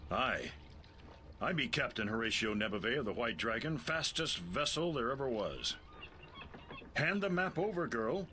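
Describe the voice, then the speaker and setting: An actor voicing a gruff, sarcastic male sea captain in a video game, drawing out his mocking questions. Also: medium pitch, big pitch swings, moderate pace, bright, forceful tone, slight background noise.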